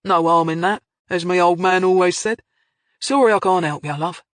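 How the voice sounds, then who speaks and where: A man's voice: sits high, normal speed, no room sound, lightly acted. A narrator doing a jovial Cockney ex-pat man. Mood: breezy. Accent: faint Cockney. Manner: cheery and breezy, calls people love. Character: jovial ex-pat businessman, middle-aged.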